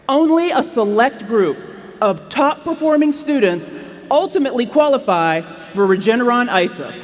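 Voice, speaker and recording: A woman hosting a ceremony, reading a script and building hype by calling out country names with excitement. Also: on the high side, long reverb tail. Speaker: ceremony host. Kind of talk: scripted event announcing.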